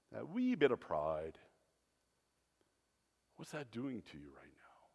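A man preaching a sermon as pastor, dramatic, swinging between loud, emphatic phrases and hushed, low ones. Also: very animated, measured pace, pauses often. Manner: dramatic preaching with wide swings in loudness and pitch. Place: church sanctuary. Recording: long church reverb.

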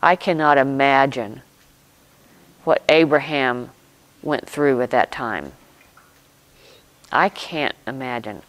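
A pastor delivers a sermon at a very unhurried pace, one short phrase at a time with pauses between. The voice sits at a middle pitch and sounds dry and close, with no room echo. The speaker explains and reflects aloud while retelling the story. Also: a bit bright. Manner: slow, deliberate, broken into short phrases with pauses.

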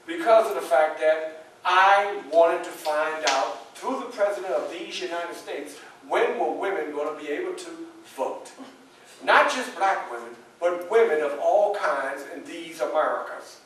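Guy playing an old-time abolitionist telling his story to the room, slightly high voice, super echoey and far away. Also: normal speed, a little hiss or hum, natural voice. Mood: earnest. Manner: addresses the audience directly, animated storytelling. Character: dignified 19th-century male abolitionist, earnest and proud. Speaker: historical reenactor. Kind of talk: first-person historical portrayal for a live audience. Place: library event room.

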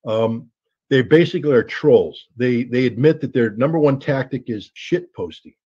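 A man's voice: medium pitch, normal speed, darkish tone, breathy edge. A man telling a story as an interview guest, rambling with many fillers and restarts and acting out the voices of people he quotes. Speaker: interview guest, former weapons inspector. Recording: dull lo-fi sound.

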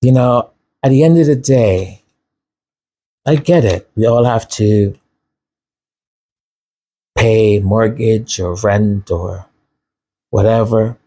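A man's voice: on the low side, slow pace, long pauses, warm tone. A man hosting a raw commentary monologue, impassioned and sarcastic. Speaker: channel host.

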